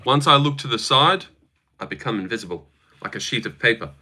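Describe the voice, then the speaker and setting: Hosting a casual livestream, a young Australian-accented man jokes, swears freely and reads the chat aloud. His medium-pitched voice is bright and forceful, with lively intonation and a slightly fast pace.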